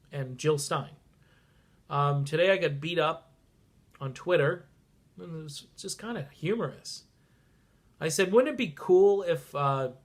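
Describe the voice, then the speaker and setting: A man with a congested, stuffy voice, talking casually and sarcastically on a political vlog, swinging from mutters to sudden outbursts. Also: on the high side. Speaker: political vlogger.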